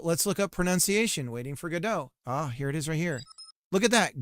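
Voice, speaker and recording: A man's voice: fairly high pitch, lively intonation, brisk, fairly bright tone, smooth, dry recording. A man game developer livestreaming, chatting casually while coding, rambling and self-mocking with frequent laughs.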